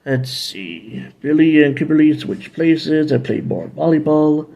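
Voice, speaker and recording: A man's voice: on the high side, animated, unhurried, vocal fry, dull audio, a little hiss or hum. A man casually recapping and reviewing TV episodes, rambling with playful asides and bits of humming.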